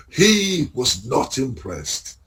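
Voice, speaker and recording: A middle-aged man from England, a podcast co-host and lorry driver, telling an animated casual anecdote full of swearing and acted-out quotes. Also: lowish voice. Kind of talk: casual anecdote among friends.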